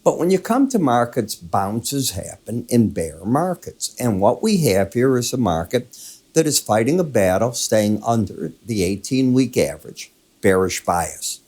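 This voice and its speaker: A man's voice: medium pitch, very animated, measured pace, a little mellow. An older man hosting a daily financial market wrap-up in a conversational, emphatic way, coughing now and then from a lingering illness. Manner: conversational, emphatic, walks through charts. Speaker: market commentator, host.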